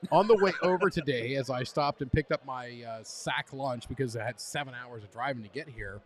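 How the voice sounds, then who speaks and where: A man in casual chat as a podcast co-host, joking loudly and repeating himself over drinks. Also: medium pitch, fairly quick.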